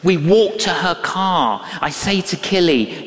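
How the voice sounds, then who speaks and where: An older man preaches with a high, swooping voice. He takes his time, leaning into each phrase and acting out the people in his stories. His words ring out with the long reverb of a large hall. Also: slow pace. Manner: animated, emphatic, acts out quoted voices. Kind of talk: sermon with storytelling.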